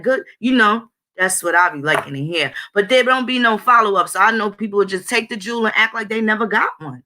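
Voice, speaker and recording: A woman's voice: a little high, moderate pace, bright, forceful tone. A woman hosting her own channel in a blunt, profane, conversational monologue, talking straight to her viewers. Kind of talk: casual spoken monologue.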